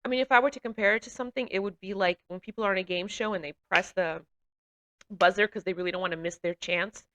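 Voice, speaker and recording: A woman recounts a personal testimony in a bright, clear-toned voice. She speaks earnestly and haltingly, with fillers and restarts. Her telling is heartfelt and emotional. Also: mid-range voice, highs cut off. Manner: grows emotional while recounting.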